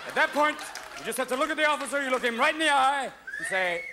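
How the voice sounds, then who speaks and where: A man doing a manic stand-up routine on a theater stage, switching voices rapidly. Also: extremely high pitch, expressive, background noise. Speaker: stand-up comedian. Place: theater stage before a live audience. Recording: live concert recording with loud crowd laughter. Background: audience laughing.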